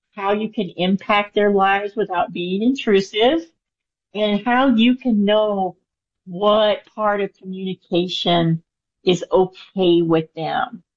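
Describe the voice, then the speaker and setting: A woman answering questions as a guest in an interview, speaking in an earnest, chatty way with many fillers. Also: mid-range voice. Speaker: guest medium. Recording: dull lo-fi sound.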